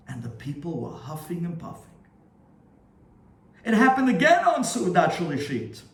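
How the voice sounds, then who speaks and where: Rabbi guy telling a story, goes hushed then excited, kinda high voice, room echo. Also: distant mic, slight background noise. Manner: dramatic, swings between hushed and excited. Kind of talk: storytelling sermon.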